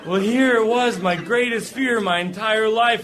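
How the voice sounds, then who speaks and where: A man performing a comic personal story for an audience, jumping into high voices when he quotes people. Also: normal speed, fairly bright tone.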